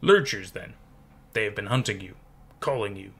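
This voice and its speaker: A tiny, bent old woman with a faint Dutch accent snaps and scolds, barking short orders, as a man puts her on. Her voice has a bright, sharp edge, and she sounds impatient and fierce. It belongs in a spoken horror story. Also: lowish voice, normal speed. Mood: curt. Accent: Dutch-tinged.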